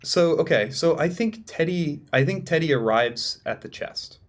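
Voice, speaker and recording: A man's voice: on the high side, lively intonation, moderate pace. Hesitant man thinking aloud. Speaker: player. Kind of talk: describing a character's actions in a tabletop game.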